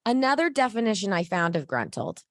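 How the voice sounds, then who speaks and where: A woman's voice: mid-range voice, sing-song, brisk, no room sound, studio quality. Upbeat woman hosting a podcast. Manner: upbeat, playful interviewer. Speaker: podcast host. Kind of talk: casual chat.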